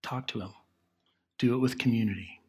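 A man preaching a sermon as pastor in a conversational way, often dropping to a soft hush on key lines. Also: mid-range voice, a little fast, slightly rough.

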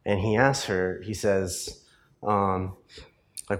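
A man's voice: deep voice, steady tone, slow. A male pastor preaching a sermon in a conversational storytelling way, full of fillers and tag questions. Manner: rises to passionate emphasis in the closing points.

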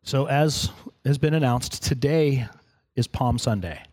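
A man's voice: medium pitch, measured pace, a little mellow. A man preaching in a church in a conversational sermon, with humorous asides to the congregation. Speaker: pastor.

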